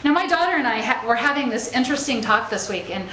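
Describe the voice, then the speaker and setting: Talking fast and animatedly in a fairly high, bright voice, a woman delivers an inspirational spiritual talk to a live audience. She keeps it conversational, asking "okay?" and "right?" and laughing readily through her stories; the room echoes, with faint ambient noise.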